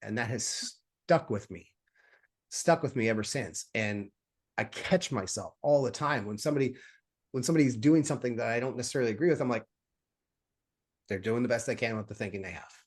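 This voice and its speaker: A man's voice: mid-range voice, a little fast, pauses often, breathy edge. Man, podcast guest, anecdotal, repeats words, conversational. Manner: anecdotal, repeats words while thinking, voices others in stories. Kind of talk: conversational interview.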